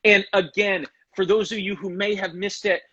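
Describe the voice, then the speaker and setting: A man's voice: high voice, fairly even intonation, moderate pace, sharp tone, husky, highs cut off. A male host in a casual online interview, enthusiastic and full of praise, calling his guest "man" again and again. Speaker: interview host for a guitar pickup company. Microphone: video call or live stream.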